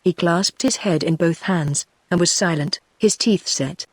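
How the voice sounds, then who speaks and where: A text-to-speech woman's voice with a British English accent, reading a classic novel as audiobook narration in an even, synthetic manner. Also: on the low side, unhurried, husky, no echo. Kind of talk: scripted narration.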